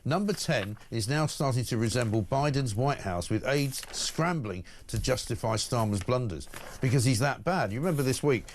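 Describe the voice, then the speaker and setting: A man's voice: medium pitch, lively intonation, normal speed, slight background noise. A man hosting a morning talk radio show, blunt and opinionated, reading out listener messages. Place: radio studio.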